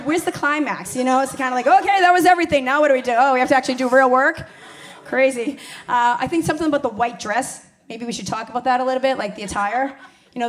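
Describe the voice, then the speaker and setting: A woman in her forties doing a blunt, profane stand-up comedy set. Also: on the high side.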